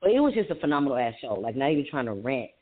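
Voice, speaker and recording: A man co-hosts a podcast and tells his stories in an animated way, swearing freely. His mid-range voice sounds narrow and phone-like. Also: medium pitch, rapid-fire, husky. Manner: animated storytelling with heavy swearing. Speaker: podcast co-host and poet. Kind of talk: casual podcast chat.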